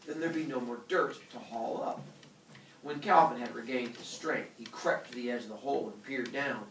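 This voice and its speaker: A man teaching a class, reading a story aloud in an animated way and stopping to explain words and quiz the students. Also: mid-range voice, normal speed, slight background noise. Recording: echoey classroom from far off.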